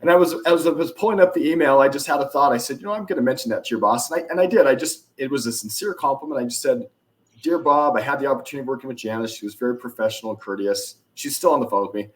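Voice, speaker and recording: Male podcast guest, mid-pitched, animated storyteller voicing the people in his anecdotes. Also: rapid-fire. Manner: animated, acts out dialogue in anecdotes. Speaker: podcast guest, influence expert. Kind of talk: casual storytelling interview.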